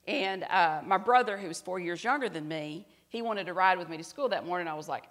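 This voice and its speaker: A middle-aged woman, preaching a sermon and telling a personal story earnestly, her voice dropping soft and quiet at tender moments. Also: fairly low pitch, fairly quick, hardly any pauses. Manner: earnest storytelling, drops to soft quiet tones at emotional parts.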